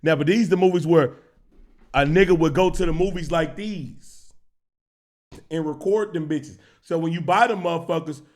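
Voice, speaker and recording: A young man, telling a story on his stream. His voice sits a bit high for a man and swings between hushed asides and loud, laughing shouts. He talks with constant profanity and acts out the people in the story. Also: moderate pace. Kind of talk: animated storytelling.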